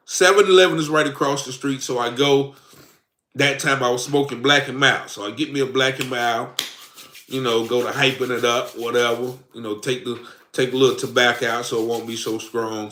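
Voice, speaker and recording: A man's voice: mid-range voice, fairly bright tone, reverberant. A man telling his own story in a rambling, casual way, acting out the lines of both sides of an argument. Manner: rambling, acts out quoted dialogue.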